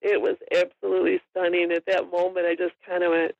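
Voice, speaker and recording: A woman's voice: lowish voice, fairly even intonation, fairly quick, vocal fry, hardly any pauses, no room sound, lo-fi sound. A middle-aged woman, a guest on an interview podcast, talking casually and rambling with lots of ums and little laughs. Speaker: guest, hunter and store owner.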